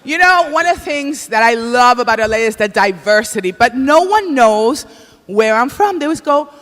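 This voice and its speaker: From the Dominican Republic, a flamboyant male host with a very high, bright voice emcees a comedy awards show on stage before a live audience. His intonation is lively at normal speed, and he delivers stand-up hosting while exclaiming in Spanish.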